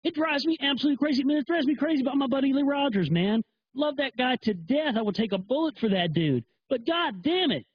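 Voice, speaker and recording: A man's voice: very high voice, expressive, fast talker, highs cut off. A man hosting a live internet talk show, delivering a profane, emphatic, heated rant. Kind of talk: ranting monologue.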